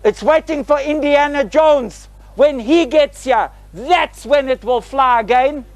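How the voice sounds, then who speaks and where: A South African man in his sixties, once a flight attendant, leads a group through a parked airliner, speaking theatrically and energetically and tacking "eh?" onto his remarks. His pitch is extremely high and his pace a little slow; the audio is poor, with no room sound.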